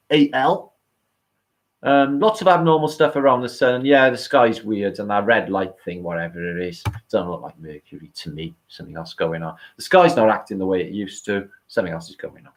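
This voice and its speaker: A British man winds down a long livestream in loose, meandering talk. He swears freely, drifts between topics and calls out viewers' names as he signs off. His pitch sits in an ordinary middle range. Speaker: livestream host. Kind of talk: casual live-stream chat.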